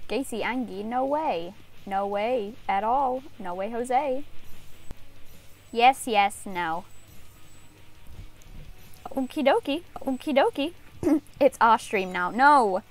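A woman's voice: a little high, expressive, takes it slowly, pauses often. A young woman streaming, chatting playfully and teasing her live chat.

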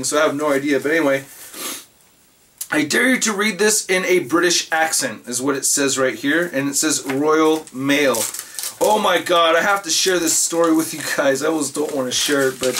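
A man's voice: fairly high pitch, a bit bright, slight background noise. A man vlogging casually while opening fan mail, chatty and rambling with lots of fillers. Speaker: collectibles vlogger.

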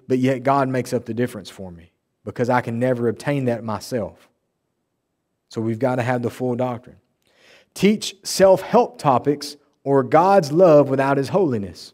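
A male pastor delivering an emphatic, animated sermon in a church and acting out the people he quotes. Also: mid-range voice, normal speed. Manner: emphatic, animated preaching with mocking quoted voices. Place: church sanctuary.

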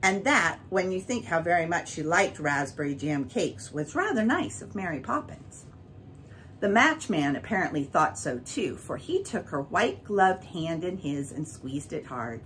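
A woman reads a children's book aloud, her voice sitting a little low. Her delivery rises and falls a lot as she tells the story. A faint hiss sits under the recording. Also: normal speed, poor audio. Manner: expressive, varied reading.

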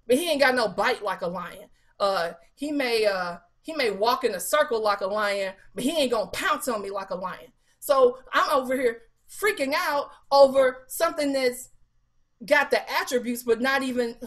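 A woman evangelist delivering a sermon at a Bible study, quoting scripture and asking the listeners rhetorical questions in a casual, colloquial way. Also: fairly high pitch. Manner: animated preaching with scripture quotes and rhetorical questions; casual colloquial speech with fillers.

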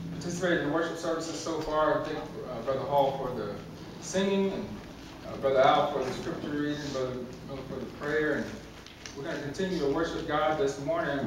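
A man's voice: a little high, background noise. A man preaching a conversational sermon with humor, repeating words and chuckling at his own jokes, in a church. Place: church sanctuary. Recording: very echoey hall from far off.

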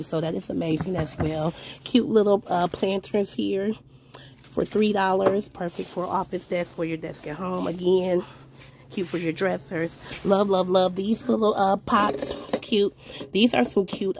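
A woman's voice: on the low side, vocal fry, slight background noise. Gushing woman vlogging a store haul. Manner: gushing, upbeat, repeats "love, love, love". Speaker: shopping vlogger. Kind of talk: casual store haul walkthrough. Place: inside a discount store.

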